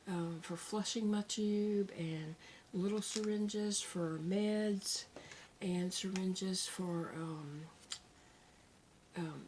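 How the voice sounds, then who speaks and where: A woman with a Southern American accent talking casually to her viewers at home, candid and soft-spoken with pauses and fillers, emotional after crying. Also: mid-range voice, steady tone, noisy background. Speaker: vlogger. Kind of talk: casual vlog talk to camera. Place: at home, indoors.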